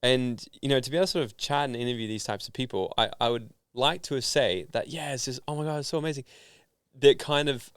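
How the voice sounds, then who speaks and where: Smooth-voiced Australian man, casual storytelling. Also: mid-range voice, fast, no echo, studio quality. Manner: animated storyteller, filler-heavy. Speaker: podcast guest, founder and speaker. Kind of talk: casual interview chat.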